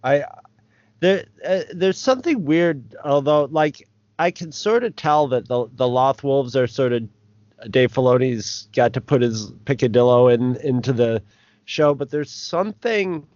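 A man co-hosting a podcast, speaking haltingly as he searches for his words. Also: mid-range voice, darkish tone, no echo, muffled recording. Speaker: podcast co-host. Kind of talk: casual discussion.

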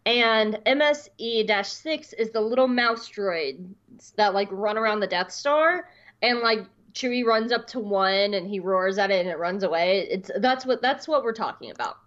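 A woman co-hosting a podcast, telling a story in a casual, excitable, gushing way. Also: medium pitch, moderate pace, highs cut off. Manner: excitable, gushing, breaks into squeals. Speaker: podcast co-host.

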